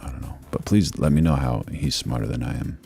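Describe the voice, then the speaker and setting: A man's voice: rumbling low, fairly quick, gravelly, a little mellow, soft background music. A man hosting a live reaction stream, talking in a laid-back, rambling, slangy way into a streaming mic. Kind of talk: casual live-stream commentary.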